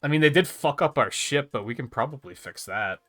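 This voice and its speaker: Sarcastic male streamer, bright animated voice, higher pitch; game commentary over faint music. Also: brisk. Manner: sarcastic, laughing, swears casually.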